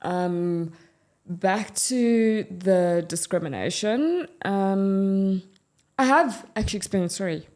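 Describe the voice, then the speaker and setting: A woman from South Africa with a South African English accent, co-hosting a podcast and talking frankly and in a measured way about her own experience. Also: medium pitch, lively intonation, darkish tone. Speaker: podcast co-host. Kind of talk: candid conversational podcast chat.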